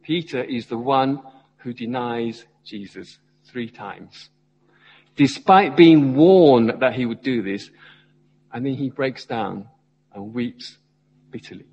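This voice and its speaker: A man's voice: on the high side, big-room sound, a little hiss or hum, rough recording. A man, a church member, preaching a sermon and asking his listeners questions as he goes. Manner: asks the congregation questions, rising and falling emphasis. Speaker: lay preacher.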